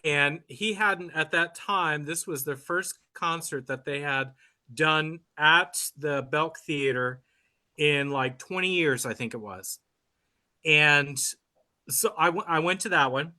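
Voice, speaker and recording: A man tells a story on a live video call, his voice bright and edged and sitting a little high for a man. He talks casually and acts out other people's lines with lots of laughter. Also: takes it slowly. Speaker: cousin of the musician, group guest.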